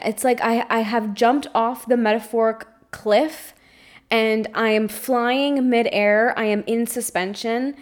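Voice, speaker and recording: A young woman with a somewhat high voice speaks alone into her podcast. She rambles in a confessional, self-searching way and drops casual swear words as she talks. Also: fairly even intonation, takes it slowly. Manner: emotionally open and confessional. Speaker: podcast host and spiritual coach. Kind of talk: candid solo podcast monologue.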